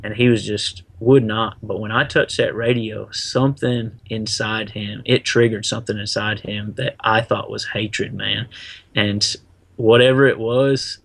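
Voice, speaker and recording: A man, middle-aged, telling a personal story in a casual, animated way, full of slang and acted-out quotes. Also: on the low side, measured pace, creaky. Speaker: guest.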